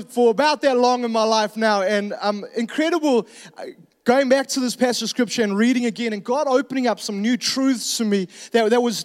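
A man's voice: high voice, in a large hall. A male pastor, preaching a sermon in a conversational way with joking asides and restarts.

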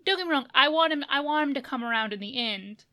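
A woman's voice: high-pitched, animated, quick pace, sharp tone. A woman co-hosting a podcast in casual chat, thoughtful, often restarting and hedging her points. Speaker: podcast co-host.

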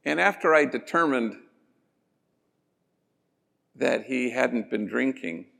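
A man, a priest, telling stories in a gentle, slow sermon-like talk that drops to soft endings. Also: mid-range voice, lively intonation, creaky. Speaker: priest and speaker. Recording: long reverb of a large hall.

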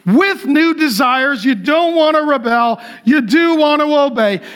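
A man with a high voice preaching a sermon. He repeats his key phrases for emphasis and swings between loud and hushed delivery. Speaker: pastor.

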